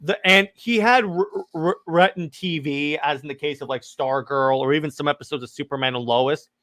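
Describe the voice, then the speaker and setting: Guy with a bright tense voice, kinda high, rambles and restarts a lot while chatting. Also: moderate pace. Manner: excited, rambling with frequent restarts and stammers. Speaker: podcast co-host. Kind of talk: casual chat.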